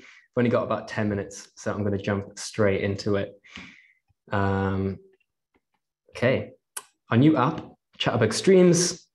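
A man's voice: lowish voice, a little mellow. A young man with a slight Geordie accent, presenting a casual live online talk from his desk and chatting with viewers. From England. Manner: chatty, greets the chat with fillers.

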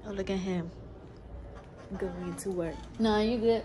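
A woman's voice: mid-range voice, fairly even intonation, unhurried, long pauses, mellow, slight background noise. A young woman vlogging late at night in a recording studio, telling her day's story in a loose, profane, ranting way. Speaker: vlogger and singer. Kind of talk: casual chat to camera.

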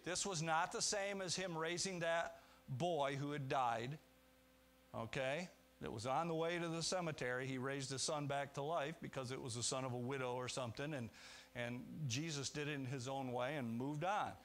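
A man preaching a sermon as pastor, earnest, moving between quiet low reflection and raised emphatic points, with rhetorical questions and restarts. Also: normal speed, a little hiss or hum.

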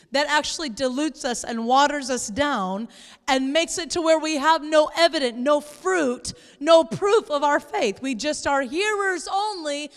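High-voiced woman pastor preaching in a hall. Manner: animated, playful, acts out exasperated voices. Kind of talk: sermon. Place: church sanctuary.

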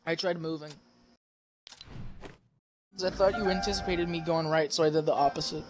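A man chatting casually with friends while gaming, goofy and teasing, jumping between loud outbursts and low mumbles. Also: fairly even intonation, normal speed, noisy background. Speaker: gamer.

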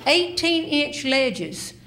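An older woman telling a story on stage as a humorist, animated and slipping into voices of the people she quotes. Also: high voice, drawn-out words. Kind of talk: live stand-up storytelling. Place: stage before a laughing audience.

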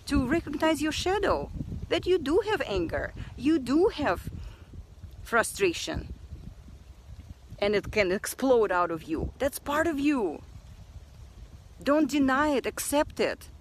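A woman's voice: high-pitched, very animated, takes it slowly, long pauses, rough recording. Earnest woman vlogging over background noise. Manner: earnest, repeats phrases for emphasis. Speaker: self-help vlogger. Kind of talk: personal reflective vlog talk.

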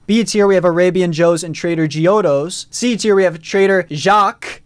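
A man's voice: high voice, normal speed, clean tone. A man casually commentating a live stream, reading out chat votes and poll results with frequent fillers.

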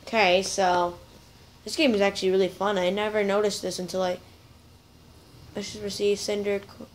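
In poor audio, a woman with a medium-pitched voice hosts a gameplay video, chatting and joking with her viewers as she plays. Her delivery is flat and her pace moderate, though the commentary stays casual and playful.

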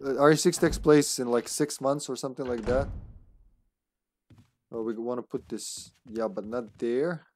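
A man's voice: medium pitch, fairly even intonation, moderate pace, darkish tone, a little hiss or hum. A man streaming a horror game live, chatting casually and rambling, laughing often between remarks. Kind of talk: casual gameplay commentary.

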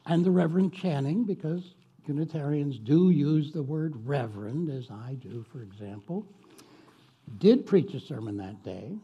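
A man's voice: a little high, expressive, normal speed, husky, dull audio. A man, a guest minister, telling a story in a sermon with folksy, chatty asides to the congregation.

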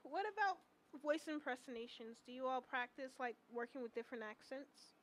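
A woman's voice: sits high, brisk, a bit bright, a little hiss or hum. A woman co-hosting a live talk show, chatting in a giggly, playful way. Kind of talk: casual chat.

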